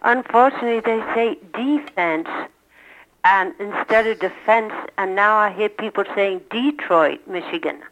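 An older woman from Philadelphia calls in to a radio show and talks in a chatty, animated way. Her voice comes through a dull, muffled phone-in line. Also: mid-range voice, normal speed, few pauses. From Philadelphia area. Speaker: caller. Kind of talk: call-in radio conversation.

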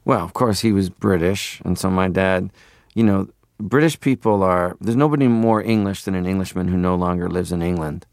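A man's voice: sits low, moderate pace, darkish tone, dry recording, studio quality. A man from Canada, a guest in an interview, talking casually and rambling with many fillers.

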